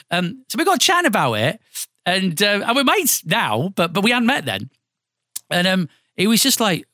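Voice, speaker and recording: A man's voice: high voice, moderate pace, no echo, studio quality. A man with a Northampton accent, a radio presenter, telling stories animatedly in a casual interview and swearing freely. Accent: Northampton English. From England. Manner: animated storyteller, acts out voices, swears freely.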